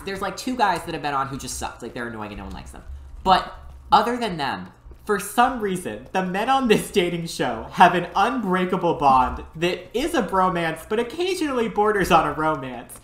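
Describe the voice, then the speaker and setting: Woman, low voice, expressive storyteller, casual podcast chat, roomy sound. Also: normal speed. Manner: animated storytelling, many "like" fillers.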